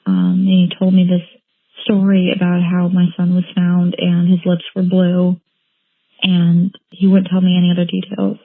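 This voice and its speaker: A woman telling her own painful story as an interviewee, halting and repeating phrases as she recounts what happened. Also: lowish voice, gravelly, breathy edge, no room sound. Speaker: interviewee, bereaved mother. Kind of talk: emotional personal account. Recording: tinny phone-like line, dry.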